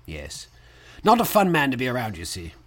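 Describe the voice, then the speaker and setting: A man's voice: medium pitch, huge pitch swings, moderate pace. A man doing a comic impression of a pompous, catty ghost of a grand old British actor. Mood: haughty. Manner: pompous, gossipy and plummy. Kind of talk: comedic impression.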